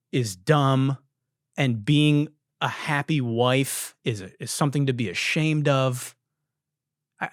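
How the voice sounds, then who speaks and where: A young man hosts his own comedy podcast, telling a rambling story full of swearing and voicing both sides of a conversation. His pitch jumps around a lot as he talks. The close mic sounds dry, with no room echo. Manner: profane, animated, acts out both sides of a conversation. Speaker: podcast host.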